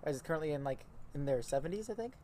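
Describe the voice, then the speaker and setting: A man's voice: a little high, expressive, fast, a loud crowd. A young man co-hosting a podcast, talking in a laid-back, chatty way and often trailing off. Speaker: podcast co-host. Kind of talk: casual chat.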